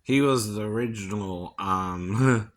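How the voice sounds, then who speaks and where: A man's voice: on the low side, takes it slowly. A man vlogging in a rambling casual monologue, chuckling often and ending lines with a questioning tag. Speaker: vlogger and singing impersonator.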